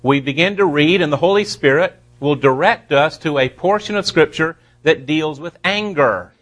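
A pastor preaching a sermon to his congregation, slowing down to stress key words and dropping playful asides. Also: a little high, a bit bright.

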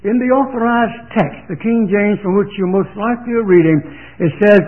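A man preaching a sermon, reading scripture aloud and stretching key words out slowly for emphasis. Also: high voice. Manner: emphatic, drawn-out preaching with slowed, weighty phrases. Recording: tinny phone-like band-limited recording.

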